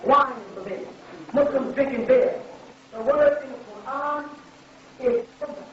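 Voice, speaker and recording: A man's voice: very high voice, moderate pace. A man giving an emphatic, mocking religious lecture to a live audience, firing off rhetorical questions. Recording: very echoey, distant, lo-fi hall recording.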